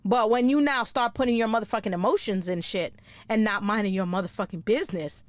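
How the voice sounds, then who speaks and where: A woman's voice: mid-range voice, brisk, no room sound. A middle-aged woman, a comedian hosting her own podcast, ranting bluntly with lots of swearing and laughing at her own jokes. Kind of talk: profane comedic rant.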